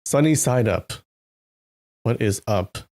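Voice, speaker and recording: A live-stream host who reads a novel chats with viewers in a slow, mid-range voice. He's talkative, greeting people in chat by name and making animated asides.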